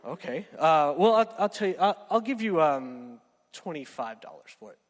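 A man's voice: a little high, big pitch swings, normal speed, in a large hall. A man voicing a flustered antiques dealer who hesitates and haggles. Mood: haggling. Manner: hesitant, haggling, full of ums.

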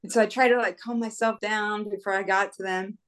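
A woman from the United States recounts a long race in relaxed conversation, her voice sitting at an ordinary middle pitch. She laughs easily and keeps dropping in "like" and "right?" as she talks. She slips into quoting her own thoughts as she tells it. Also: a little fast. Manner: chatty, laughs often, acts out her own inner voice; frequent fillers like "like" and "right?". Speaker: guest, ultra-runner. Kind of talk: casual storytelling.

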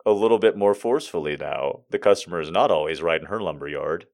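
A man's voice: low-pitched, quick pace, creaky, darkish tone. A man doing stand-up, telling a story with profanity and exasperation and acting out the people in it. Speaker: stand-up comedian.

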